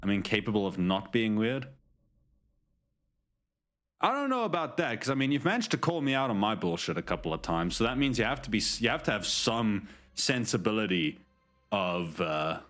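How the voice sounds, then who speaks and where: A man's voice: fairly low pitch, sing-song, moderate pace, a bit bright. A man live-streaming, chatting casually and jokingly with his chat, with many restarts.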